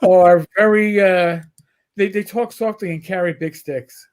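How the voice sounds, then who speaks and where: A middle-aged man with a high-pitched, steady voice co-hosts a livestream in casual chat, speaking at a measured pace with a clean, darkish tone. He tells rambling stories, swearing and restarting a lot.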